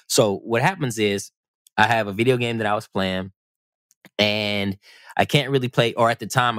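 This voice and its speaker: A man co-hosting a podcast, talking in an easygoing, teasing way with slow, reflective phrasing. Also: lowish voice, a bit bright, no echo, studio quality. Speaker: podcast co-host. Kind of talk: relaxed casual conversation.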